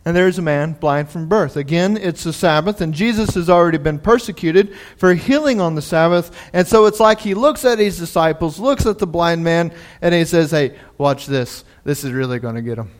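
A man preacher giving a sermon in an animated, conversational storytelling way. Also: high-pitched, normal speed, hardly any pauses.

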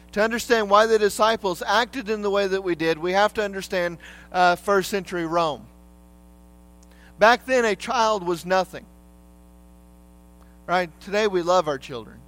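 A man's voice: high voice, fairly bright tone. A man preaching a sermon in a conversational way, often turning to the listeners with questions.

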